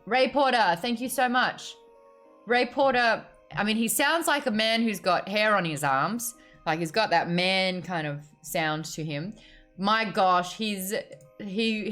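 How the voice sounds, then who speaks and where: A woman's voice: mid-range voice, a bit bright. An Australian woman hosting a casual book chat on a video call, bubbly and chatty. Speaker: host.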